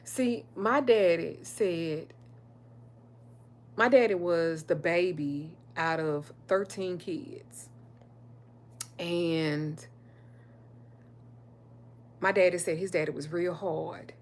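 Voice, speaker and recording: A middle-aged woman with a drawl, speaking a touch lower than most women. She tells personal stories on a casual livestream, candid and emphatic, and swears freely. A faint hum sits under her voice. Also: very slow, pauses often. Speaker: spiritual reader and livestream host.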